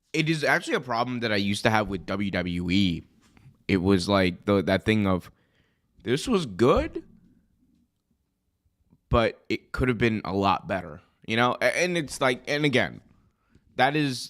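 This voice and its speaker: A young man who is hoarse from being sick, hosting a live wrestling commentary stream in a chatty, rambling way that often corrects itself. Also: lowish voice, moderate pace, a bit bright. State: hoarse, recovering from illness. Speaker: wrestling show host.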